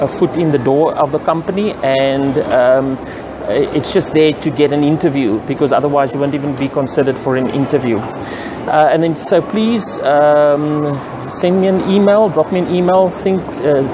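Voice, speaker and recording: A man who runs a computer training business gives his opinion straight to camera in a casual, earnest vlog, often repeating and restarting words as he thinks aloud. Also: a little high. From South Africa. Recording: outdoor traffic noise clearly audible.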